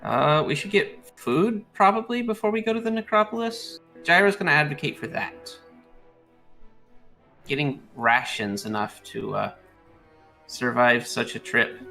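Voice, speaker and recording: A man's voice: fairly high pitch, measured pace, creaky, pushed and bright, faint music behind. A man playing a tabletop game, brash and blunt. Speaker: player. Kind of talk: casual tabletop play.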